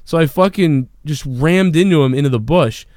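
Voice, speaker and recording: Smooth-voiced man telling a wild story. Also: a little high, normal speed, no echo, studio quality. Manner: profane, rambling, excitable storyteller. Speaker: podcast host. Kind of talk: casual storytelling.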